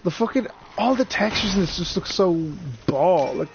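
A man's voice: on the high side, brisk, hardly any pauses, highs cut off, slight background noise. A young man doing casual gameplay commentary, crude and sweary, laughing often as he jokes. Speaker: gamer.

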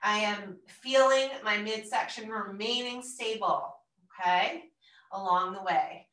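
A woman fitness instructor calmly cues a floor workout in a room at home, breathing out audibly between counts and offering steady encouragement. Her voice is medium-pitched and slow, and the recording sounds roomy and distant from the mic.

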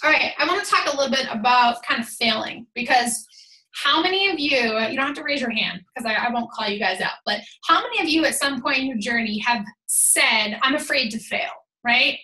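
High, bright-voiced energetic woman coach. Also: echoey room. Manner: energetic, emphatic, chatty with many "like"s. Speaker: team coach. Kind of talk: motivational team call talk. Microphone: call audio.

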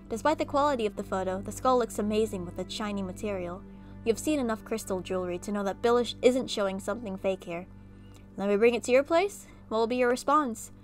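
A woman reading an interactive horror story game aloud and breaking off for animated, chatty reactions. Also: medium pitch. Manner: animated, chatty asides between narration. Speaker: gaming video creator.

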